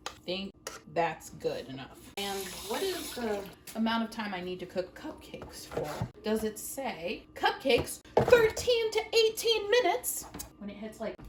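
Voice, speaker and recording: Woman, casual baking vlog, giggly, punny, animated voice, phone recording in a noisy kitchen. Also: on the high side. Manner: giggly, self-mocking, chatty, makes puns. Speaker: baking vlogger. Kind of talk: casual chat while baking. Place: home kitchen.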